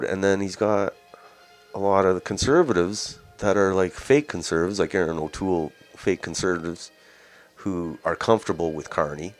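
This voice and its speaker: A Canadian man hosting a news commentary show, talking in a blunt, scornful, ranting way. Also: low voice. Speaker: host.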